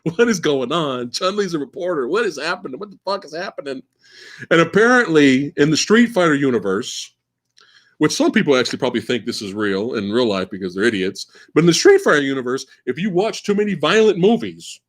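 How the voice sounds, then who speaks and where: A man in his forties hosts a live question-and-answer stream in loose, casual chat. His middle-pitched voice swings widely up and down as he gets animated. He swears freely and often stammers through restarts before landing his point. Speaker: livestream host.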